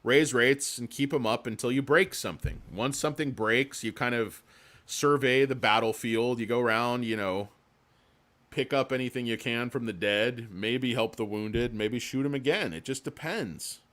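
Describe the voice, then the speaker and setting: A man's voice: mid-range voice, normal speed, a bit bright. A man hosting a livestream in casual chat, rambling and joking with lots of swearing. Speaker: livestream host.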